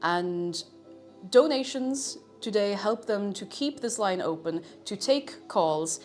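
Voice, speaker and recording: Chatty woman, lively up-and-down voice. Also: medium pitch, takes it slowly, faint music behind. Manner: chatty, self-mocking, talks to viewers while baking. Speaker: streamer. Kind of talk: live-stream baking chat. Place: home kitchen.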